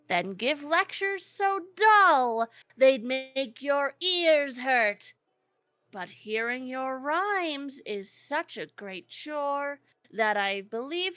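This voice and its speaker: A woman voicing a boastful male gnome performer who recites rhymes in a slow, drawn-out way. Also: high voice, a bit bright, no echo, clean studio sound, voice pushed up, exaggerated voice.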